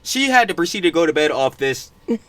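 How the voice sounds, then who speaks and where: A man's voice: fairly high pitch, noisy background. A young man giving casual, slangy commentary as the host of a reaction channel. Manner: slangy, fast and animated.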